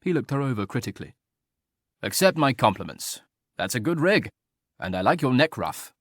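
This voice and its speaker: A man's voice: medium pitch, very animated, normal speed, no room sound, clean studio sound. A man reading an audiobook voices an idle, teasingly ironic aristocratic marquis who talks in a mock-mournful drawl.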